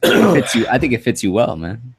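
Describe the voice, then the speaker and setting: A man's voice: medium pitch, sing-song, a little fast, breathy edge. A man co-hosting a podcast, chatting casually in an easygoing way and laughing along. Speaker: podcast co-host. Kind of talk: casual chat.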